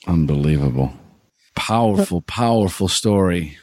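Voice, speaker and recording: Deep-voiced man, slow brief reactions. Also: lively intonation, darkish tone. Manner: brief, moved responses. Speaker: podcast host. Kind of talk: interview reactions.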